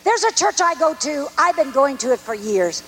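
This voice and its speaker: An older woman preaching a sermon testimony, emphatic and repetitive, swinging between high and low. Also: big pitch swings, normal speed, fairly bright tone, faint music behind, rough recording. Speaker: evangelist preacher.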